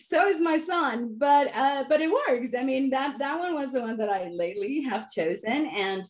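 A middle-aged woman coach giving an online workshop talk, chatty and lively, telling loose stories. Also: sits high, moderate pace.

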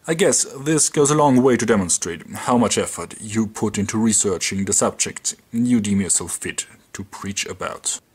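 A man's voice: fairly low pitch, slightly rough. A man with a German accent delivering dry, sarcastic scripted commentary.

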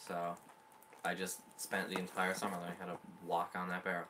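A man's voice: low voice, completely flat delivery, a little fast, noisy background. A man chatting casually as co-host, making dry, wry remarks. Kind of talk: casual chat.

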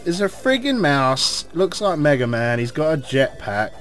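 An English man giving casual, rambling commentary while playing a video game, cursing at enemies and shouting when things go wrong. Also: a little high, a little slow, soft background music. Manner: excitable, swears at enemies, rambling asides. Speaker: let's play host.

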